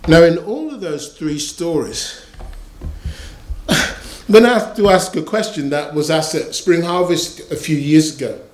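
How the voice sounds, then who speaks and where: A man's voice: fairly high pitch, a little mellow. A man preaching a sermon in a storytelling manner, repeating key phrases for emphasis. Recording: echoey room.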